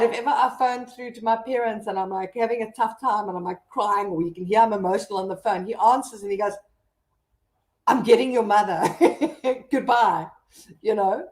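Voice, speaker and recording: A South African woman in her thirties, hosting a casual live stream and chatting candidly with viewers as she reads their comments. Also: mid-range voice. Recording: roomy echo.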